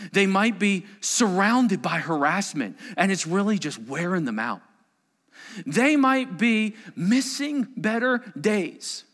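Expressive preacher, man with a lively voice. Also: on the high side, long reverb tail. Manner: swings from hushed whispers to loud pleading. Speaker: pastor. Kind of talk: sermon.

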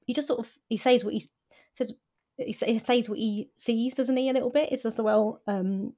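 A woman's voice: a little high, steady tone, fairly quick, mellow. A woman co-hosting a podcast, talking about a novel in an agreeable, hesitant way. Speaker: podcast co-host. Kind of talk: casual book chat.

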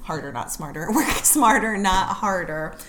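A woman's voice: fairly low pitch, animated, normal speed, a bit bright, a little hiss or hum. A young adult woman, a fourth grade teacher, chatting casually with a co-host, laughing easily and acting out quotes. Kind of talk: casual chat.

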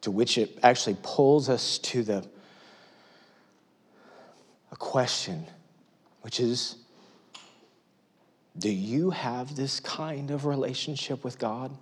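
A middle-aged male pastor preaching a sermon in a church, dropping to near-whispers and rising to loud, emphatic pleas. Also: mid-range voice, takes it slowly, pauses often, slightly rough. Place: church auditorium.

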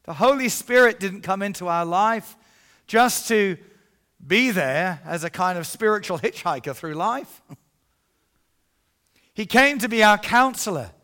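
Middle aged evangelist guy telling a story, goes quiet then loud, bright kinda tense voice. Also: high-pitched, a little slow, pauses often. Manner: animated, swings from hushed to loud. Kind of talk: storytelling sermon.

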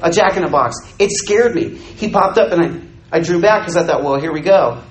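A man's voice: sits high, normal speed, echoey room, low-quality recording. An older man, a missionary preaching a sermon, telling a story and acting out the dialogue for his congregation. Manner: animated, acts out dialogue, jokes with audience.

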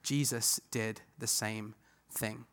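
Earnest, bright-voiced male preacher. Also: fairly low pitch, steady tone, takes it slowly. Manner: earnest, swings from loud emphasis to hushed tenderness. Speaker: pastor. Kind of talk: sermon.

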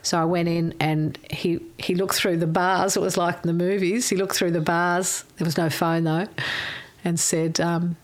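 An older Australian woman telling a candid personal story in a frank, wry, salty way, her voice going a little hoarse. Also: lowish voice, fairly even intonation, normal speed. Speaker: interviewee.

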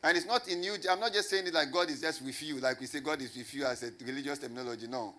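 A man preaching a sermon in a somewhat high voice. He leans hard on repetition and keeps asking the congregation questions. He slows right down to press home key words. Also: bright, forceful tone. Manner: emphatic, repeats phrases and asks the congregation rhetorical questions. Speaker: pastor.

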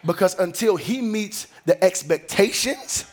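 A man's voice: sits high, expressive, measured pace. A middle-aged man preaching a sermon from a stage, dramatic and emphatic, acting out family scenes in his own voice. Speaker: pastor. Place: on stage before a congregation.

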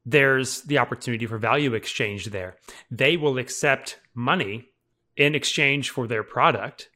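Male co-host, mid-pitch, bright tone, relaxed conversational coach. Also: measured pace. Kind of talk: casual podcast chat.

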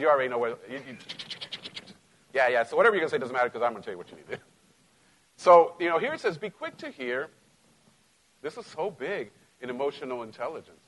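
A middle-aged man with a Latino American accent, preaching a sermon in a conversational, joking way, dropping to quiet asides and rising to loud emphasis. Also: mid-range voice, rough recording. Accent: Latino American English. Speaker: pastor.

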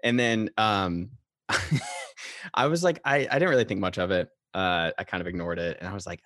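A man in casual podcast chat, telling a story with animated delivery and frequent laughter. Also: deep voice, moderate pace, no room sound, studio quality.

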